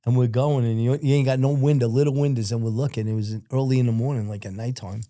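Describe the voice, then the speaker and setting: A man with an American accent telling his life story in a casual interview, blunt and profane, growing animated when he quotes other people. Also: mid-range voice, fast talker, no echo, clean studio sound.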